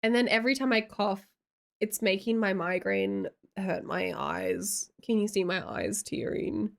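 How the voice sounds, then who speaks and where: A woman's voice: mid-range voice, animated, a little slow, vocal fry. A woman chatting casually on a livestream, reading chat aloud and telling stories with lots of giggles.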